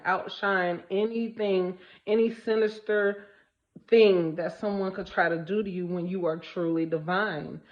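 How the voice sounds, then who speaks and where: Blunt, emphatic woman vlogger, muffled audio. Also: fairly low pitch. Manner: emphatic, repeats phrases for stress; blunt, swears freely. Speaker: spiritual vlogger. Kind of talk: casual spiritual vlog monologue.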